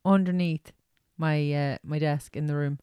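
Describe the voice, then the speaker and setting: A woman's voice: low-pitched, fairly even intonation, a little slow, dark tone, smooth, no room sound, studio quality. An Irish woman co-hosting a casual podcast, chatting bluntly with sweary interjections. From Ireland. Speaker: podcast co-host. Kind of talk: casual chat.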